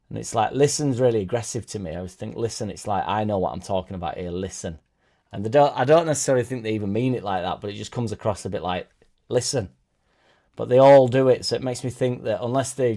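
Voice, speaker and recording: Mellow-voiced man chatting on a livestream. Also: on the low side. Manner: rambling and chatty, reads out viewer comments; self-deprecating asides. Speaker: fan channel host. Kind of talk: casual live-stream chat.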